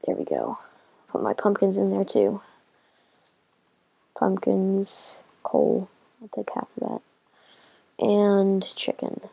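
A woman giving casual commentary as she plays a video game, talking to herself and getting excited as she goes. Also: mid-range voice, slow pace, creaky, long pauses, slightly rough. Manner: excitable, talks to herself while playing. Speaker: gamer.

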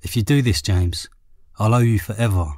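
A man voicing a pushy young woman who insists on a favour, in his near-usual low voice. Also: normal speed, darkish tone, dry recording, clean studio sound.

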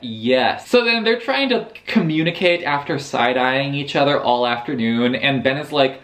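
A man recaps a novel in a casual book-vlog chat. His telling is sarcastic and animated, in a voice of ordinary middle pitch. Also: normal speed. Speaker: book vlogger.

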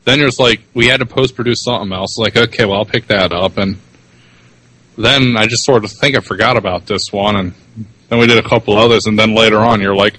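A man's voice: lowish voice, steady tone, brisk, bright, forceful tone, rough recording. A man co-hosting a podcast, chatting casually, rambling and laughing often, with some swearing. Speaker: podcast co-host. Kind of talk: casual chat.

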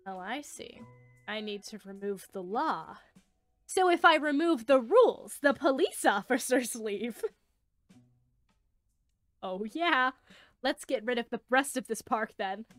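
A woman's voice: on the high side, lively intonation, unhurried, pauses often, dry recording, faint music behind. A young woman doing playthrough commentary, playful and jokey, swearing freely and putting on silly voices as she reads the game's lines aloud. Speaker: let's player.

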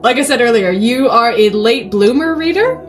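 A woman's voice: on the high side, expressive, moderate pace, soft background music. A woman from California hosting a book podcast, chatty and self-deprecating. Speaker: podcast host. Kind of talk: casual podcast chat.

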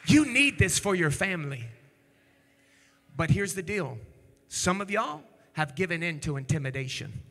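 A man preaching an energetic sermon as a pastor, animated, swinging between shouts and hushed storytelling. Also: high-pitched, moderate pace, long pauses. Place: church sanctuary. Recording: echoey church hall.

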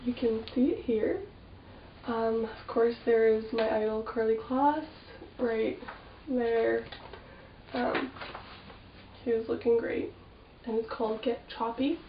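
Woman, nasal, has a cold, sniffly, casual rambling chat, slightly high voice, recorded from afar. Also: fairly even intonation, slow pace, long pauses. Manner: chatty and rambling, with frequent fillers. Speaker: fashion vlogger. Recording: echoey room, mic at a distance, dull sound with faint hiss.

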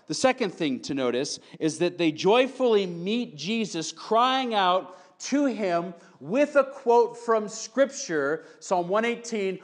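A male pastor preaching a sermon in an animated way, acting out shouting crowds and dropping to quiet talk. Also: sits high, measured pace, hardly any pauses.

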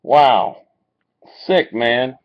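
A man rips card packs on a live webcam break, calling each card in a slow, unhurried way and getting excited over good pulls. His voice comes through a muffled, lo-fi webcam mic. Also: medium pitch. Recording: dull lo-fi webcam audio.

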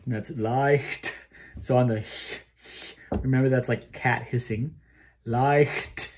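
Slow-spoken male choir director. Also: medium pitch, steady tone, a little mellow, a little hiss or hum. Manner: explains phrasing, then sings the lines to demonstrate. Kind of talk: choral rehearsal instruction. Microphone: solo recording for a rehearsal video.

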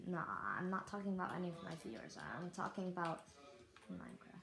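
A young Canadian speaker giving rambling, apologetic let's-play commentary while building in a survival game. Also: female voice, lowish voice, fairly quick. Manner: rambling, self-deprecating, apologetic. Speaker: gaming YouTuber. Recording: echoey room with faint noise.

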